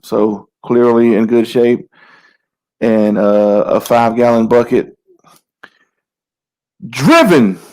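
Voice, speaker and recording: A man's voice: mid-range voice, a little mellow. A man co-hosting a comedy show, telling profane, heated stories in a crude rant.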